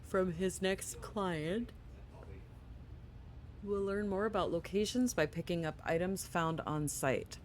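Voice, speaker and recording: A gaming channel host playing a game, reading on-screen tutorial text aloud with quick casual asides, sleepy and yawning. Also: medium pitch, a little hiss or hum. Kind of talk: casual let's play commentary.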